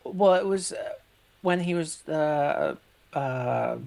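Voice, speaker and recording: A podcast co-host from the UK chats about a movie in a measured, slightly hesitant manner. The voice sits at a middle pitch with a gravelly edge. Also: expressive, darkish tone. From United Kingdom. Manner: measured, thoughtful, hesitant with fillers. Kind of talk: casual movie review chat.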